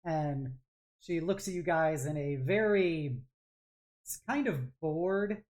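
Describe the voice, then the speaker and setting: A woman's voice: sits low, slow, a little mellow. A woman game master narrating a tabletop game, describing scenes in a rambling way full of fillers.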